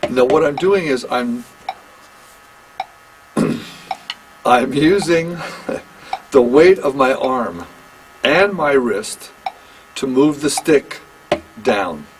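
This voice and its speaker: A man in his own studio teaching drums one-on-one, talking slowly and patiently. He explains in halting, self-correcting phrases and keeps checking that his student follows. A faint hiss sits under the recording. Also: medium pitch, lively intonation. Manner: slow, halting explanations with restarts and check-ins. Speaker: drum teacher. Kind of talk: one-on-one instrument lesson.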